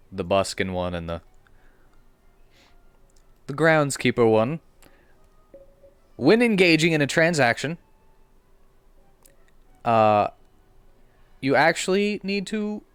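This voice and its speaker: A man narrating as game master of a comedic tabletop game, playful and animated. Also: mid-range voice, clean tone, no room sound.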